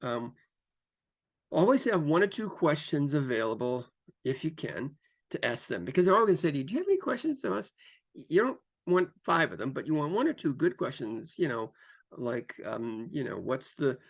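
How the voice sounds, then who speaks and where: Gravelly-voiced man coaching with lively emphasis. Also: moderate pace. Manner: lively, shifts pace and pitch for emphasis; repeats phrases, frequent fillers. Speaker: career coach. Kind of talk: instructional talk to camera.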